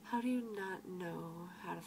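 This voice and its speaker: A woman's voice: on the low side, normal speed, vocal fry, background noise. A teenage girl working as a grocery cashier, ranting sarcastically about rude customers and swearing freely. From United States. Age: teens. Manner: exasperated, sarcastic, swears freely, quotes customers in mocking voices. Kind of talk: venting vlog rant.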